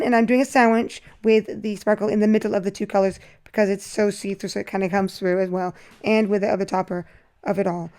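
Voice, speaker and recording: A woman narrating her nail art as she paints, chatty and rambling, breaking into excited sing-song bursts. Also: mid-range voice, vocal fry. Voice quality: voice crackling. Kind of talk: casual voice-over while painting nails.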